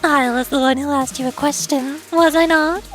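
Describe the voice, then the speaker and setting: A woman's voice: sits high, fairly even intonation, moderate pace, a bit bright, faint music behind. Wakamo, woman doing a prim fox girl. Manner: prim, formal courtesy.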